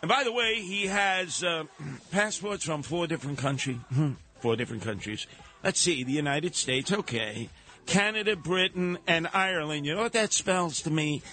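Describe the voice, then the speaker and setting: A man hosting a radio talk show, delivering a sarcastic, animated monologue. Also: fairly high pitch, moderate pace. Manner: sarcastic, animated, mocking put-on voices.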